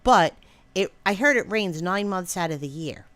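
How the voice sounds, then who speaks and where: A woman's voice: fairly low pitch, animated, normal speed, a bit bright. A woman chatting on a casual livestream, rambling with many fillers and greeting viewers by name. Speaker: livestream co-host.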